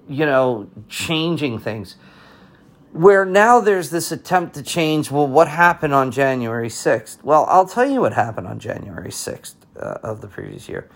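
A middle-aged American man who teaches, giving an impassioned, rambling opinion monologue full of restarts and fillers. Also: mid-range voice. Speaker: teacher and podcast host.

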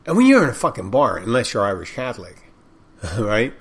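An older man who tends bar tells a story from work in a loose, rambling way. He restarts his sentences often, and his talk is frank and salty. His voice sits at an ordinary pitch for a man. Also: huge pitch swings, brisk, a bit bright, slightly rough. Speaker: bartender. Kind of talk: casual storytelling monologue.

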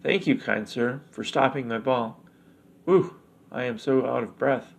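A man voicing a cheerful, slightly lonely little boy in a gravelly voice. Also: mid-range voice, unhurried.

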